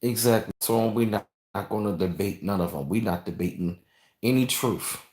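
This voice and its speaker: Livestream host, male, lowish voice, loose rambling chat, roomy echo. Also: moderate pace, a little mellow. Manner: rambling, conversational, repeats phrases, reads and thanks viewers. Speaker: channel host reading live chat.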